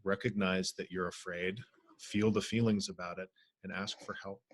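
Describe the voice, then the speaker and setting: A man with a low voice leads an online healing circle as a spiritual teacher. He speaks gently and reflectively, often pausing on soft fillers over a video call. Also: level tone, dry recording.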